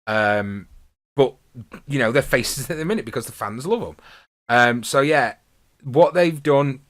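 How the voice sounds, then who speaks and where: A man's voice: medium pitch, fairly bright tone. Guy rambling on his wrestling podcast, chatty and laughing, ordinary mid voice. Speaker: podcast host. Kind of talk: casual wrestling review monologue.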